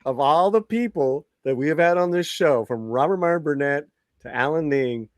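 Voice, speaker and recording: A man hosting a casual podcast chat, animated, laughing often and repeating his phrases. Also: on the high side, normal speed, no room sound, clean studio sound. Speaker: podcast host.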